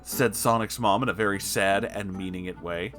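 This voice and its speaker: A man's voice: fairly low pitch, moderate pace, fairly bright tone, faint music behind. A man giving a comedic reading of a fan fiction story, breaking off for mocking asides. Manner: mocking asides, frequent laughter.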